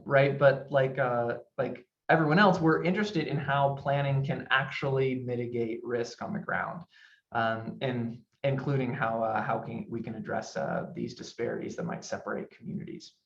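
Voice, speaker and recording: Man presenting over roomy, dull audio. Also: medium pitch. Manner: halting, frequent fillers. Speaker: researcher presenting in a webinar. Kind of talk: webinar presentation.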